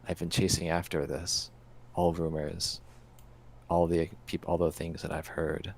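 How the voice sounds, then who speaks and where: A man voicing an earnest male adventurer in a tabletop game, speaking haltingly and often restarting his sentences. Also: low-pitched, little pitch movement, creaky, full character voice.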